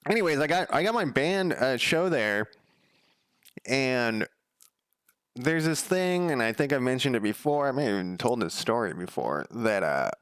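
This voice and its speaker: A man's voice: big pitch swings, moderate pace, clean tone, no echo. Rambling, profane male streamer, dry sound. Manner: loose, profane storytelling with frequent fillers; gets louder and higher when quoting others. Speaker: game developer streaming his coding. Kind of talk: casual rambling livestream chat.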